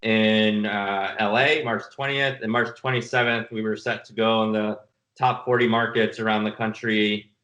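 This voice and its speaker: A man's voice: lowish voice, little pitch movement, normal speed, bright, forceful tone, highs cut off. A man telling stories in a casual interview, rambling and laughing often. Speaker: film director guest. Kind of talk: casual video-call interview.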